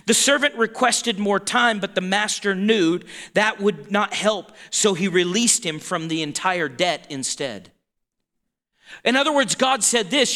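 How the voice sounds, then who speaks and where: High-voiced bright male preacher. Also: expressive, measured pace, big-room sound. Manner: conversational preaching with frequent restarts and asides. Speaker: pastor. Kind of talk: sermon. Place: church sanctuary.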